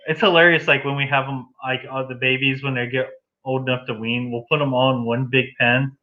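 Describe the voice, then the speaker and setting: A young adult man co-hosting a casual farm livestream, relaxed, reading out viewer comments. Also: mid-range voice, a little fast. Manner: easygoing, reads viewer comments. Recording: dull muffled livestream audio.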